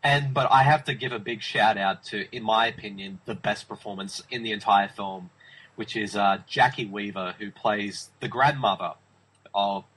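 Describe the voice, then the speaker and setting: A man's voice: on the low side, fairly even intonation, moderate pace, fairly bright tone, husky, poor audio. A man talking films in a casual review chat, enthusiastic and emphatic, often restarting his sentences. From Australia. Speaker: film review podcast host.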